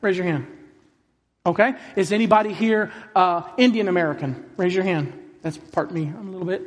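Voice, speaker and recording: A man's voice: high voice, fairly quick. A man preaching a sermon to a congregation, speaking emphatically and putting questions to the crowd. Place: large hall with congregation. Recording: long hall reverb.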